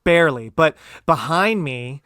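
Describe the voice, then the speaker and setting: A man's voice: a little high, a little slow, no room sound, studio quality. A man hosting a podcast, chatting casually and with enthusiasm about movies, often drifting into tangents. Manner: animated, enthusiastic, goes off on tangents. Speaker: podcast host. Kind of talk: casual chat.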